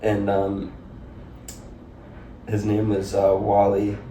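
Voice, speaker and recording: A man's voice: on the low side, monotone, takes it slowly, mellow. A young man, a podcast guest, telling a loose, rambling story with lots of "like" and laughter. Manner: rambling, laughing, heavy use of "like". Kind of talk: casual storytelling. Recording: echoey room, distant mic, faint noise.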